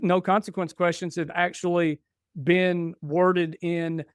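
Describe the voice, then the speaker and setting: A man's voice: high voice, flat delivery, slow pace, smooth, no echo, studio quality. A man in his forties, a podcast guest, telling family stories casually and acting out what was said back and forth. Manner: chatty, restarts and quotes himself. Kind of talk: casual storytelling.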